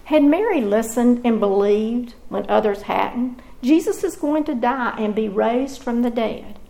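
A woman giving a scripted devotional Bible teaching in a measured, expressive storytelling manner. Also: fairly high pitch, vocal fry, rough recording.

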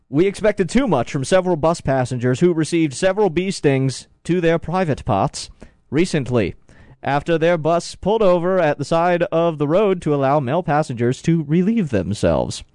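A man's voice: a little high, a little mellow, clean tone, dry recording, studio quality. A man hosting a radio talk show, reading odd news stories aloud with joking asides.

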